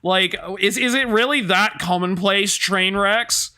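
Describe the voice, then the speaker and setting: A man's voice: high-pitched, a little slow, bright, forceful tone, smooth. A man streaming and reacting to clips in casual talk, sarcastic and sweary.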